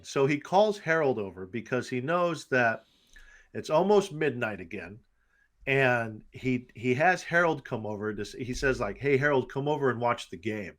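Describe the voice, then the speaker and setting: A man co-hosting a casual movie review podcast, crudely joking and retelling scenes with quick impressions. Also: medium pitch, animated, a bit bright. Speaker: podcast co-host.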